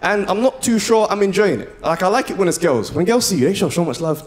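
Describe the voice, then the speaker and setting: A young man performs stand-up, his voice leaping up and down in pitch. He talks in slang and breaks into loud shouted bits. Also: animated, fast talker, few pauses. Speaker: stand-up comedian. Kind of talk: stand-up comedy set. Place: live comedy venue with audience.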